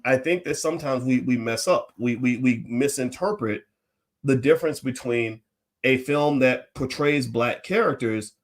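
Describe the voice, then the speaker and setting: A man speaking to camera as a finance commentator, emphatic and repetitive, with stammering restarts and laughs. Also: medium pitch. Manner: laughs while talking.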